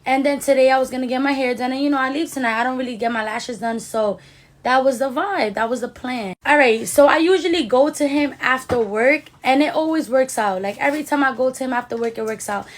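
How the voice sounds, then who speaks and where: A young woman with a high-pitched voice tells a casual storytime straight to her viewers. She talks in loose slang and jumps into lively quoted voices for the people in the story. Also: a little fast. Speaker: beauty vlogger.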